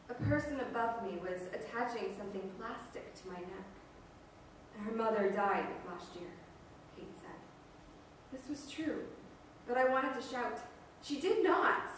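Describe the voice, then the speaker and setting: A woman giving an expressive live reading of a novel in first person at a library event. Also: fairly high pitch. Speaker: professional reader. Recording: echoey room from far off, faint noise.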